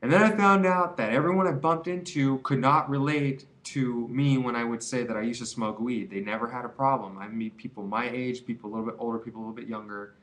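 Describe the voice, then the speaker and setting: A man's voice: medium pitch, steady tone, brisk, hardly any pauses, a bit bright. A young man talking straight to his viewers in a casual advice vlog, rambling and emphatic, with many fillers and restarts. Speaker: vlogger giving quit-weed advice.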